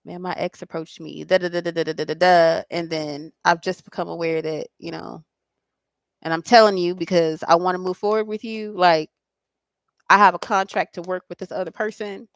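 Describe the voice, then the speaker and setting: A woman's voice: on the low side, steady tone, normal speed, no room sound, voice pushed down, close to an everyday voice. Woman voicing an earnest, hesitant grown man. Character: earnest grown man confessing to his partner.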